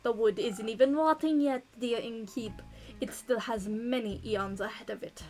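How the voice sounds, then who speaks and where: Lady putting on a fancy vampire with a fake french accent, all haughty and formal, kinda high. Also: moderate pace, a little mellow, natural voice. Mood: grandly haughty. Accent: put-on French. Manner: grand, formal, haughty diction. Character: polite vampire patron with a put-on French accent.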